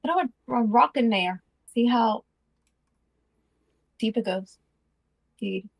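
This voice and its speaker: Give me an eager woman player in a tabletop game, higher voice, dry close sound. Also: expressive, slow pace, gravelly, dry recording. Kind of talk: casual tabletop game play.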